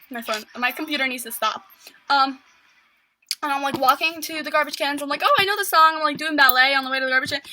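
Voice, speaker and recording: A woman's voice: sits high, pushed and bright, slight background noise, rough recording. A teenage girl vlogging a casual story at home, rambling with lots of fillers. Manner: rambling, filler-heavy with constant "like".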